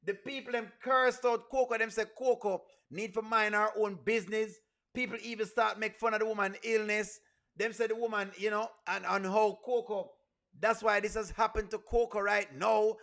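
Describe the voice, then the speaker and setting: High-voiced Jamaican man laughing through commentary. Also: steady tone, normal speed, a bit bright. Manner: repetitive, keeps breaking into laughter. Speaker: reaction video host. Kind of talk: comedic reaction commentary.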